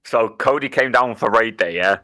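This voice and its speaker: A young man chatting on a podcast with a bright, forceful voice. He swears freely, laughs easily and trips over his own restarts, at a middling pitch. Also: moderate pace. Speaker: podcast co-host. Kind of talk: casual chat.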